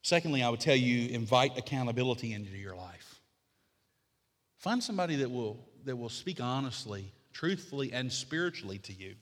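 A middle-aged man preaching a sermon as pastor, building to emphatic repeated lines, then easing into quiet, conversational teaching. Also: mid-range voice, expressive, moderate pace, in a large hall.

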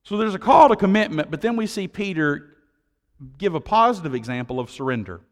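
Male pastor, sermon, lively swooping delivery, slightly high voice, long church echo, loud-to-hushed swings. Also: brisk. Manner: conversational asides to the congregation.

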